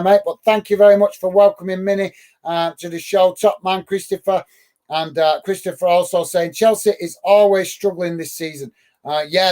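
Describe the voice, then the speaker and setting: A man's voice: sits high, darkish tone. A man hosting a live football watch-along, commentating on play and reading out viewer comments in a friendly way with many fillers.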